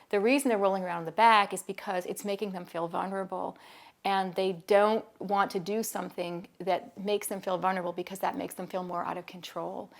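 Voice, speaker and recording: A middle-aged woman with a gravelly edge to her voice speaks at a middle pitch. She talks conversationally as a school behavior consultant, slipping into quoted dialogue as she tells stories. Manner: conversational, acts out dialogue in anecdotes. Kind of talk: talking-head teaching video.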